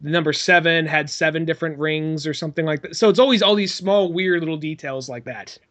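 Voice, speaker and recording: A man with a slightly bright voice on the high side talks fast while co-hosting a podcast. The chat is casual and rambling, full of swearing and silly put-on voices.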